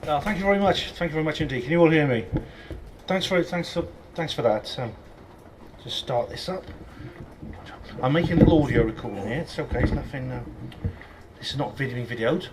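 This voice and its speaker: Speaking to a live audience in a pub function room, a Welsh-born guest speaker who has lost his Welsh accent and now sounds English gives a hesitant talk full of ums and joking asides. His mid-range voice is animated and a little fast, with a noisy background.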